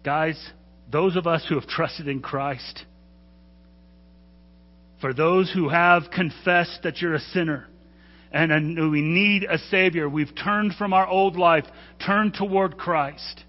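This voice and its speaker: A man preaching to his congregation in an earnest, urging way, now and then tripping over a word and correcting himself. His voice sits a little high. The sound is dull and rings with the long reverb of a church hall. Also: fairly even intonation, takes it slowly, long pauses. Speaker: pastor. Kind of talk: sermon.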